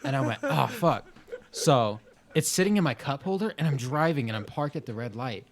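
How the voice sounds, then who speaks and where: Animated young man telling a funny story. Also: medium pitch, fairly quick, a crowd in the background. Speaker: podcast co-host. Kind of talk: casual chat, storytelling.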